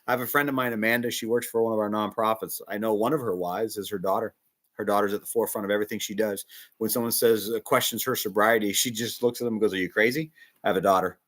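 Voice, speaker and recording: A man preaching a casual sermon as a bishop, emphatic, swinging between loud stresses and hushed asides. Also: lowish voice, steady tone, fast talker.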